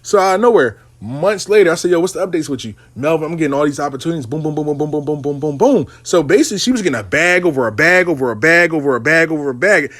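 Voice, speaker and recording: A man's voice: on the high side, fast talker, few pauses, no room sound, soft background music. A man telling a casual, profanity-laced story about his money coaching clients. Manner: animated, profane street talk.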